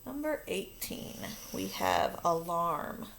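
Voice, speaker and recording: A woman teacher calmly walking through a phonics lesson in a recorded video, explaining step by step. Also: lowish voice, takes it slowly, gravelly, a little hiss or hum. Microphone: recording her own video lesson.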